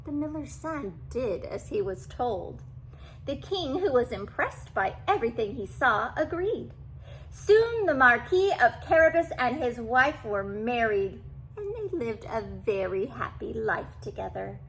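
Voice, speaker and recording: An older woman reads a children's storybook aloud at an unhurried pace. Her voice is bright and bounces up and down, and she breaks off to chat with the listener. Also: on the high side, a little hiss or hum, poor audio. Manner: animated, with asides to the listener.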